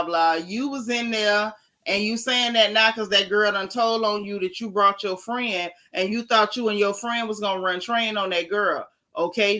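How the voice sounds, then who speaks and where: Sassy, bright-voiced woman gossip host. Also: mid-range voice. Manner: animated, sassy, emphatic repetitions. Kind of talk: casual chat.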